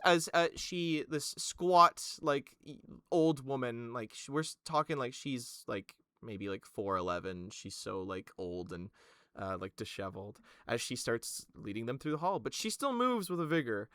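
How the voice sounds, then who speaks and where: A man's voice: medium pitch, expressive, moderate pace, fairly bright tone, clean tone, no room sound. A man narrating a tabletop game as game master, casual and full of fillers.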